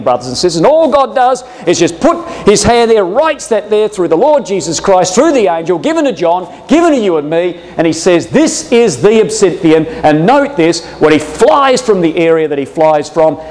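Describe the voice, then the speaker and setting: Before a live audience, a man teaches a Bible class in a jokey, animated way, often calling his listeners brothers and sisters. His voice is a little high, and the hall gives a long echo.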